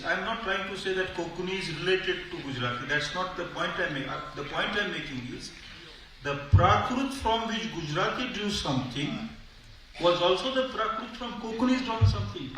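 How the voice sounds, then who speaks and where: Brief: high-pitched man, convention speaker, booming hall reverb from a distant mic. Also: sharp tone. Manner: discursive, hesitant fillers, wry humor. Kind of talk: public speech. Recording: echoey hall, far from mic, faint noise.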